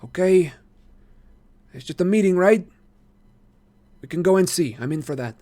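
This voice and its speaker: A sarcastic, wary teenage boy, voiced by a man reading a novel aloud. He sounds well above the reader's own voice, with a sharp, needling and often bitter edge. He pushes his points hard. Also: sits high, lively intonation, moderate pace, pitched above the performer's own voice. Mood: grudging.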